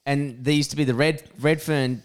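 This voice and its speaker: A man with an Australian accent, co-hosting a podcast and telling crude stories in a relaxed, slangy way. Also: mid-range voice, normal speed, clear, resonant tone. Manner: crude, laid-back, slangy storyteller. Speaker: podcast co-host. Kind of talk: casual storytelling chat.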